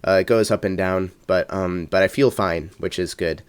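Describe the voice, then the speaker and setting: Man, congested, low voice, easygoing podcast co-host, dry recording. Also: fairly even intonation, normal speed, clean tone, dry recording. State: congested, stuffy nose. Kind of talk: casual podcast chat.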